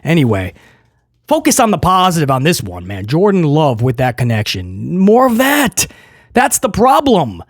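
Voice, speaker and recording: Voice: medium pitch, huge pitch swings, moderate pace, no echo. Sarcastic football fan ranting thru a game recap, voice jumping all over, dry close sound. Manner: sarcastic, joking and exasperated. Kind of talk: casual sports review monologue.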